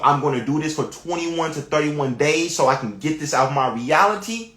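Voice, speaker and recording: A man's voice: mid-range voice, fairly bright tone, reverberant. A man hosting a live stream as a spiritual coach, giving earnest, encouraging advice in a casual way.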